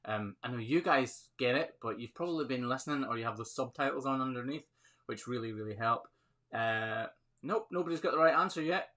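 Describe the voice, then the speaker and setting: Scottish man, chatty live stream host, bright forceful voice, phone mic. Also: medium pitch, brisk. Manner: chatty, upbeat, laughs often. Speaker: livestream host, hoof trimmer. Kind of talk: live Q&A chat reading viewer comments.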